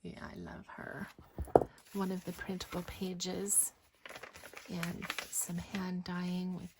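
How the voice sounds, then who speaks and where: A woman narrating a craft journal flip-through in a gentle voice that often drops into a breathy whisper. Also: on the low side, completely flat delivery, slow pace. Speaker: craft designer showing a journal. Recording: faint background noise.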